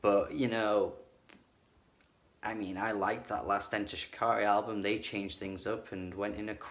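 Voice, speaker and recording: Blunt low-voiced male music reviewer. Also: steady tone, normal speed, a bit bright. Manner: blunt, critical, uses lots of "like" fillers. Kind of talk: casual spoken album review.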